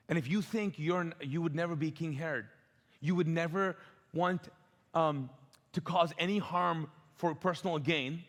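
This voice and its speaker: A man preaching a sermon as a pastor, animated and humorous, asking the congregation to call out answers. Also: a little high. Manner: tells humorous stories with acted-out quotes. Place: church auditorium. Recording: long hall reverb.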